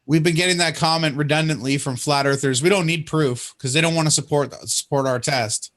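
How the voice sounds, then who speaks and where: Man, show host. Indignant, mocking, rambly; slightly higher pitch. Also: steady tone, fairly quick, a bit bright. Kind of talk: casual livestream talk.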